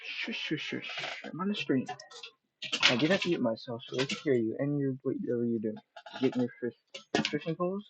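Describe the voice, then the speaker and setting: A man's voice: mid-range voice, animated, a little fast, dull audio, very noisy. A man streaming a game from a room at home, rambling and self-deprecating, swearing casually as he chats. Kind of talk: casual live-stream commentary.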